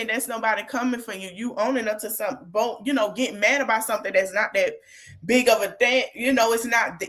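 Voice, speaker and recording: Woman host, casual reality-show recap, animated delivery, slightly high voice. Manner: animated, retells quotes, talks back to the people on screen.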